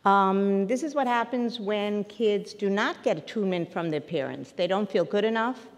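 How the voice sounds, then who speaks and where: A woman therapist giving a parenting lecture to a live audience, animated and acting out little scenes as she teaches. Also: medium pitch, moderate pace, in a large hall. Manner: animated, acts out little scenes with quoted voices.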